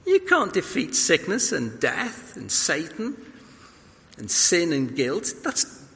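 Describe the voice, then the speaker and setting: A man preaching an expository sermon, animated and storytelling as he acts out scripture scenes. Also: a little high, slow pace, gravelly, in a large hall.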